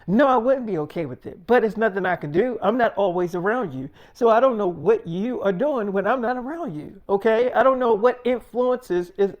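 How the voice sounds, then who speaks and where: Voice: medium pitch, lively intonation, moderate pace, hardly any pauses, highs cut off, natural voice. A storyteller voicing a strict, blunt middle-aged mother who scolds and lectures her teenage daughter. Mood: scolding.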